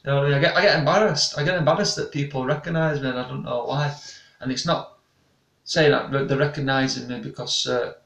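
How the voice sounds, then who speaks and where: A young man rambles through a casual live chat with his viewers. His voice has a gravelly edge. He sits back from the mic in an echoey room. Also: medium pitch, fairly even intonation, fast talker, a bit bright, far from the mic. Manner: rambling, chatty, restarts often. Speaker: paranormal investigator and channel host. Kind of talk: casual live-stream chat reading comments.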